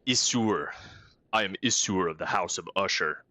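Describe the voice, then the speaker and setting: A man's voice: deep voice, moderate pace, bright, forceful tone, no echo. A man reading aloud the lines of an arrogant, burly male weapon-shop owner from a game, curt and scornful. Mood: gruff.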